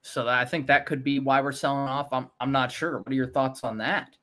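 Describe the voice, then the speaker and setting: A man hosting a casual stock market livestream, chatting in a relaxed, hesitant way with frequent fillers as he thinks aloud. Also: mid-range voice, brisk. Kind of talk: casual trading chat.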